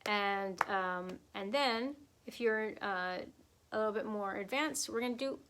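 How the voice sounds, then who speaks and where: A woman's voice: mid-range voice, measured pace, a bit bright, a little hiss or hum. Brief: a woman, flamenco teacher on a live stream, chatty, encouraging, loose with fillers.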